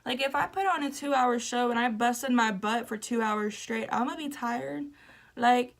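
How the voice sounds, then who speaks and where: A young woman vlogger, casually telling a story to camera in a gushing, excitable way, laughing and breaking off mid-sentence. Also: fairly high pitch, normal speed.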